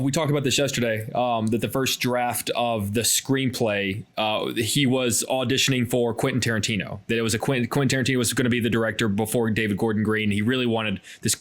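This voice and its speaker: Male podcast host, rapid talker, enthusiastic. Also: mid-range voice. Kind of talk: podcast interview.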